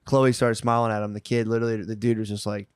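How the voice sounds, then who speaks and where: A man's voice: fairly low pitch, level tone, quick pace, smooth, no room sound, studio quality. A man co-hosting a podcast, telling crude stories in casual chat and mocking people in put-on voices. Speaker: podcast co-host.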